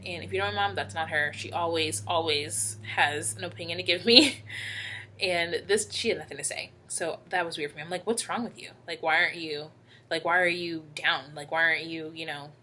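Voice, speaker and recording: Lowish, bright-voiced young woman. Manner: halting, emotional, many fillers. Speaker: vlogger. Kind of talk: personal storytelling to camera.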